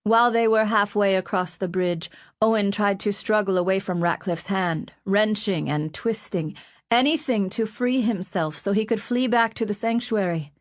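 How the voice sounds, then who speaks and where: A woman reading an audiobook with measured, even storytelling narration. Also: medium pitch. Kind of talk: scripted narration.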